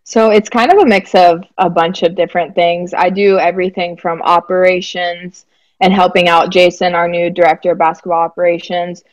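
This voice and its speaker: A young woman from Alabama with a faint Southern accent softened toward the West Coast, chatting easily as an interview guest. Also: lowish voice, little pitch movement, moderate pace, no echo, highs cut off. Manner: easygoing, chatty, laughs lightly. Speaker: guest, basketball player development director. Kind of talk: casual interview chat.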